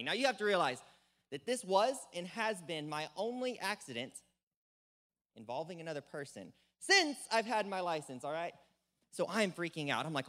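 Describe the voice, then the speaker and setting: An energetic young man tells a funny story from the pulpit. His bright, fairly high voice jumps all over in pitch. The sound rings through a reverberant church hall. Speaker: lay preacher. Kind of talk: youth sermon with storytelling.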